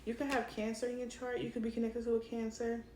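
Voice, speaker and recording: A woman's voice: on the high side, monotone, quick pace, dark tone, reverberant, distant mic, slight background noise. Chatty Brooklyn woman reading tarot. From Brooklyn, New York. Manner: chatty, laughs often, fillers. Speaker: tarot reader. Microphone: cell phone.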